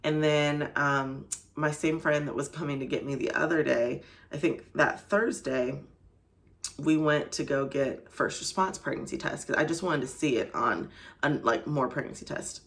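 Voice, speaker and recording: Talking to camera at a moderate pace, a young woman who vlogs about faith shares a personal story in her low-pitched voice. Her delivery is relaxed and conversational, peppered with "like" and "you know."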